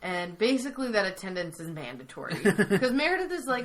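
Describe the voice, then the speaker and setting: A woman co-hosting a podcast, retelling TV scenes in a casual, animated way and putting on voices for the characters. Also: medium pitch, a little fast. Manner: animated retelling, acting out quoted lines. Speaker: podcast co-host. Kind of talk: casual recap chat.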